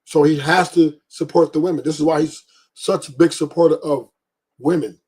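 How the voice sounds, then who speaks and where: A man's voice: a little high, fairly even intonation, normal speed, a little mellow, slightly rough. A man hosting a livestream, ranting bluntly with profanity and repeated emphasis. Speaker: podcast host. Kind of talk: livestream commentary rant.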